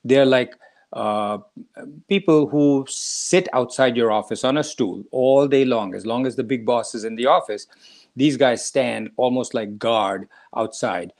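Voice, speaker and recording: A man's voice: mid-range voice, measured pace. A man from India, a spiritual teacher explaining scripture in a lecture, telling stories and speaking directly to the listener. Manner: storytelling, explanatory, addresses listener.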